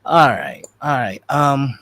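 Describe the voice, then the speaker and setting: Male game master doing a halting, lively shopkeeper. Bright tone, dry mic. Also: medium pitch, no room sound. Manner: halting, full of restarts, swings loud when upset. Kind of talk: tabletop role-play, voicing a shop owner.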